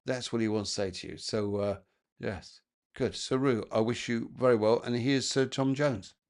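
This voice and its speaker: A man hosting a live psychic show, giving rambling, excitable readings to viewers. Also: mid-range voice, moderate pace. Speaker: psychic medium host.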